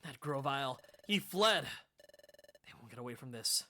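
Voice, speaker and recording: A woman voicing a menacing male ghost lord who speaks in quiet, imperious commands in a fan dub of a game. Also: rumbling low, animated, normal speed, heavily acted. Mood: stern.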